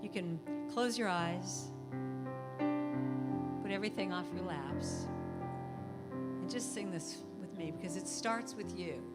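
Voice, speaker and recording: A woman's voice: fairly low pitch, slow, pauses often, loud music behind the voice. A woman giving a storytelling sermon in a church, acting out the voices in her stories. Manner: warm conversational storytelling, acts out voices. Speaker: guest speaker and musician. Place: church sanctuary.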